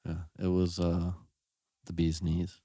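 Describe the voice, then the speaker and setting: A man's voice: low-pitched, monotone, takes it slowly, warm tone, dry recording, studio quality. A young man co-hosting a podcast, laid-back and goofy in casual banter. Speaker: podcast co-host.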